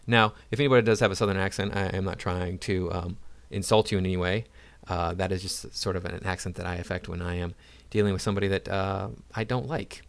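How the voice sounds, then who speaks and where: A man's voice: on the low side, a little fast, a bit bright, clean tone. A man hosting his own channel, reading news articles aloud and breaking in with sarcastic, mocking asides. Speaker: YouTube commentator.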